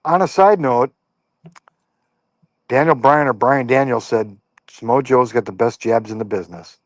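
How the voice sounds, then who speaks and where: A man's voice: medium pitch, moderate pace, no echo. Easygoing male podcast host, dry sound. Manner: easygoing, hesitant, lots of ums and fair enoughs. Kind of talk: casual podcast recap.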